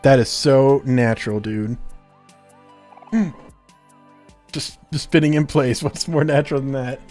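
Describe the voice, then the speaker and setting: A man's voice: mid-range voice, a little slow, a little mellow, faint music behind. A man casually commenting while playing a video game, joking about himself as he goes. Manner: joking, self-mocking, laughs often. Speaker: gaming video host.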